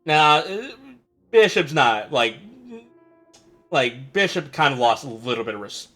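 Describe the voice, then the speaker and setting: A man chatting casually on a game recap show, laughing often and talking in a relaxed, drawn-out way. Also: mid-range voice, faint music behind.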